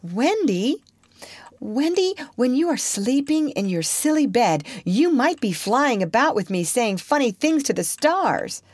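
A woman's voice: on the high side, very animated, unhurried, a little mellow, no room sound, pitched above the performer's own voice. A woman voicing a cocky, cunning young boy in a storybook reading, boastful and coaxing. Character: cocky, cunning boy Peter who never grows up.

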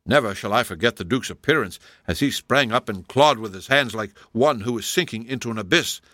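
A man narrating a classic story in a formal, even storytelling manner on a close microphone. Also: medium pitch, a little fast, no room sound. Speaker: audiobook narrator. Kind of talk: scripted narration.

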